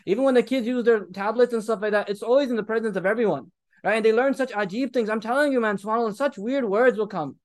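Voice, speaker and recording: This thirties-aged preacher speaks at a quick pace, his voice notably high as he weaves Arabic into fervent, urgent appeals to those listening. The audio is close-miked and dry, free of any room sound.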